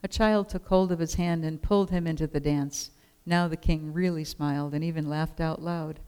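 A storyteller reading a children's picture book aloud in an expressive, measured way. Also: mid-range voice, clear, resonant tone.

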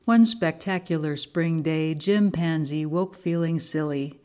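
A woman reading a children's picture book aloud in a church service, expressive storytelling. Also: low voice, measured pace.

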